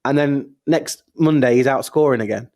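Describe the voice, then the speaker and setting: A man's voice: medium pitch, darkish tone. Male co-host, casual, stop-start delivery, mid-range voice. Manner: halting, restarting sentences. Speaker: podcast co-host. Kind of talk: casual chat.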